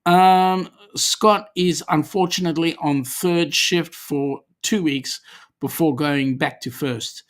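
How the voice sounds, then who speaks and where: A man's voice: fairly high pitch, fairly even intonation, slow pace. An Australian man hosting a casual livestream, reading viewer comments aloud in a chatty, easygoing way with lots of ums. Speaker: livestream host.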